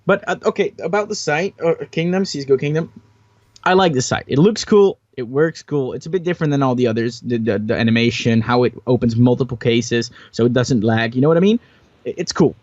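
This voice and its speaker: A young man hosts a casual gaming podcast, hedging with fillers and restarting his sentences as he gives his opinions. His voice sits at a middle pitch. It comes through a dull, lo-fi mic in a dry space with no echo. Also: brisk, darkish tone. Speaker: podcast host.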